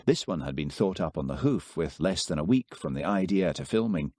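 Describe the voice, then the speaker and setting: A man narrating a novel as an audiobook in measured storytelling. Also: low-pitched, lively intonation, dark tone, dry recording, clean studio sound. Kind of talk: scripted narration.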